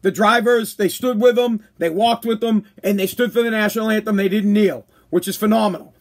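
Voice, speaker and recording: A man's voice: high voice, fairly even intonation, fairly quick. A man hosting his own live-stream podcast, talking in a brash, emphatic, self-mocking way and calling listeners "bro.". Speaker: podcast host. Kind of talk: casual live-stream monologue.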